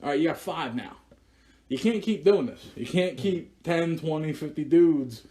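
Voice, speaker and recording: A man's voice: fairly high pitch, normal speed, warm tone. A young man with a Philadelphia accent, co-hosting a podcast in loose, profane casual chat and laughing often. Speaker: podcast co-host.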